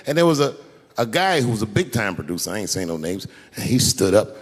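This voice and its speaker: A man's voice: on the low side, big pitch swings, a little fast, breathy edge. A man doing stand-up comedy on a theater stage, telling a long profane story in a conversational way that builds to punchlines. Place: large theater stage with audience. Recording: long hall reverb from a live stage.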